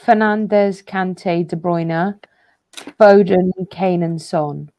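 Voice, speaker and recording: A woman hosting a live stream and reading out viewer comments, relaxed and hesitant with lots of fillers. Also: fairly low pitch, drawn-out words, highs cut off.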